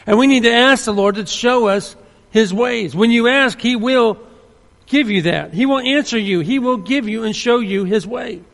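A man's voice: extremely high pitch, normal speed, creaky, fairly bright tone. A man preaching a sermon, earnest and emphatic, often restarting his sentences. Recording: long hall reverb.

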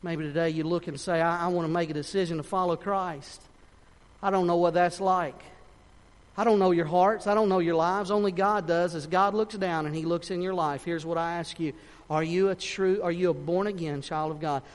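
A man preaching a sermon and giving an altar call, swinging from soft pleading to loud impassioned peaks. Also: sits high, fairly even intonation, normal speed, in a large hall. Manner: impassioned, rising to near-shouting peaks then dropping soft. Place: church sanctuary.

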